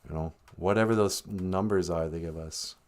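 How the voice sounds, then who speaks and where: A man's voice: deep voice, moderate pace, darkish tone. A man delivering a rambling, mock-serious comic rant, trailing off with chuckles. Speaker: comedic vlogger.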